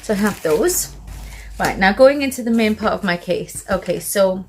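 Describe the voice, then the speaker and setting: A woman's voice: medium pitch, animated, normal speed, a little hiss or hum. A British woman chatting through a casual show-and-tell vlog, a little out of breath, rambling with fillers and asides. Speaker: vlogger.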